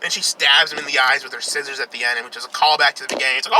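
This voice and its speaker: A man's voice: medium pitch, fairly even intonation, rapid-fire, hardly any pauses, sharp tone, slight background noise, low-quality recording. A young man casually reviewing a film while driving, rambling, profane and sarcastic. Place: in a car, outdoors traffic.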